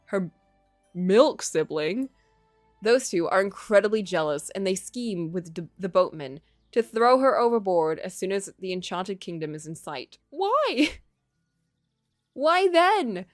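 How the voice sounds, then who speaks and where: A woman with a medium-pitched voice, recorded without echo, is live-streaming a game. Reading the text aloud between casual chatter, she comes across as lively and talkative, often laughing and reacting with gasps.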